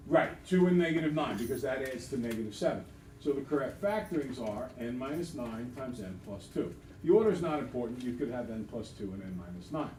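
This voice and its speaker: A man teaching a math lesson to a class, quizzing students with quick questions in an upbeat way. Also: mid-range voice, animated, a little mellow. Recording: echoey classroom, distant mic, background noise.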